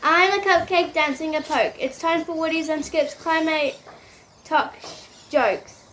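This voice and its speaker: A man voicing a squeaky, cartoonish announcer in a chirpy, sing-song way, recorded outdoors. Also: unhurried, sharp tone, slight background noise, full character voice.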